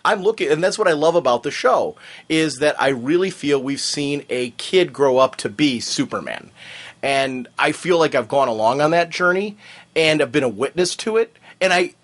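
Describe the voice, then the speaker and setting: Podcast guy chatting, voice goes up and down a lot, lots of um and like. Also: fairly high pitch. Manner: animated, rambling with many fillers. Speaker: podcast co-host. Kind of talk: casual chat.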